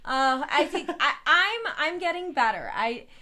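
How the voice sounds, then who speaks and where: A woman's voice: sits high, very animated, measured pace, pushed and bright. A woman from New Mexico in a casual podcast chat, talking earnestly and laughing often.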